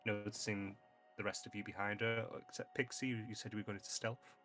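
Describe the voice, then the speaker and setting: A man narrating a tabletop game as game master in a relaxed, matter-of-fact way. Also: on the low side, a little fast, soft background music.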